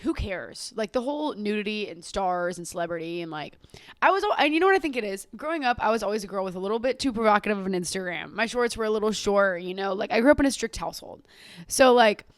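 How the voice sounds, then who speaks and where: A woman's voice: mid-range voice, no room sound. Profane, chatty young woman podcaster. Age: 20s. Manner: profane, rambling, quick to laugh and apologize; animated, gushing about pop culture. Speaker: podcast host. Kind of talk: casual solo podcast chat.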